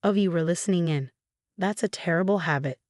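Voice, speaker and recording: Brief: woman reading as a snide spoiled young bride, lowish plain voice, dry. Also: a little fast, a little mellow, no room sound, close to an everyday voice. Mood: mocking. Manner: mocking and condescending.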